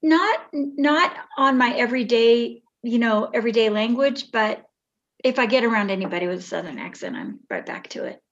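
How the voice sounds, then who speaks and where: A woman's voice: fairly high pitch, very animated, normal speed, dull audio. An older woman from the Bay Area, a podcast guest telling rambling stories about her childhood with many restarts. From Bay Area, California. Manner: rambling, warm reminiscing with restarts. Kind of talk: casual storytelling.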